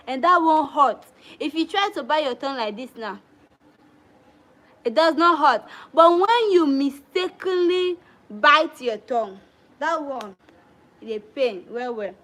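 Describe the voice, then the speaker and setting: A high-pitched young woman with a Sierra Leonean Krio-tinged accent, chatting casually on a livestream. She speaks directly to her viewers in a chatty way and mixes Krio phrases into her English. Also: fairly bright tone, low-quality recording. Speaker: livestream host.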